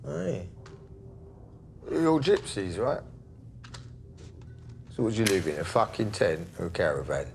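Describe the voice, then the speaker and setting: An actor playing a volatile, menacing gangster baker and distiller, with a gravelly, mocking voice that swings from loud to hushed. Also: male voice, fairly low pitch, very animated, measured pace, pauses often, a little hiss or hum, full character voice. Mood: scornful. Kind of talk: television crime drama.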